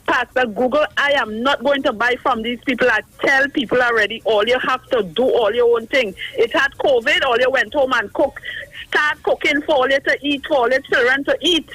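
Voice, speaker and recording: Indignant Trinidadian caller, bright voice. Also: sits high, dry recording, low-quality recording. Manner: indignant, challenging, urgent. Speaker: radio call-in caller. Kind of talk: indignant call-in talk.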